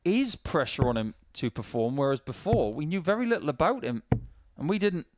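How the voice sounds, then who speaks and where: A man's voice: a little high, sing-song, fairly quick, no echo. Give me a man doing analytical live darts commentary, recorded close and dry. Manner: analytical, explains throwing technique at length.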